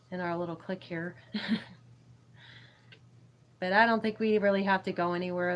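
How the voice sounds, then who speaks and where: Giggly and rambling, this woman runs a spiritual livestream on YouTube, reading her viewers' messages aloud and replying to them amid plenty of laughter. She speaks on the low side, and the rough recording carries slight background noise.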